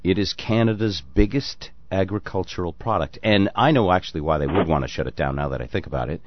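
A man's voice: low voice, fast talker, dull audio, noisy background. A man hosting a talk radio show, taking calls and cracking jokes. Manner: wisecracking, teasing.

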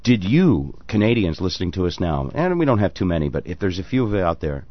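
A man's voice: deep voice, big pitch swings, quick pace, no room sound, muffled recording. A man hosting a talk radio show, taking calls and cracking jokes. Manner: wisecracking, teasing.

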